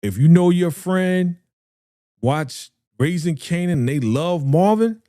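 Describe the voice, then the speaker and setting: Animated man hosting a slangy reaction stream. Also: on the high side, measured pace, no room sound, studio quality. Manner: animated, slangy, reads viewer comments aloud. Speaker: reaction show host. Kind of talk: live-stream fan reaction chat.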